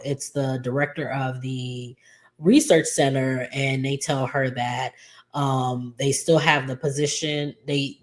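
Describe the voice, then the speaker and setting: A woman casually recapping a soap episode in a chatty, loose way, full of ums and likes. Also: a bass voice. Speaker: soap opera recap vlogger.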